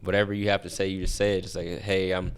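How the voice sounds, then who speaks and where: Deep-voiced young man telling stories. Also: rapid-fire, smooth. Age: young adult. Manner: relaxed, rambling storytelling with many restarts. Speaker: guest athlete. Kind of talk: casual interview chat.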